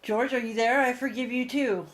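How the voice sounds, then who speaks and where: A woman hosting a paranormal investigation, earnestly and warmly addressing spirits during a ghost box session. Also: on the high side, steady tone, normal speed.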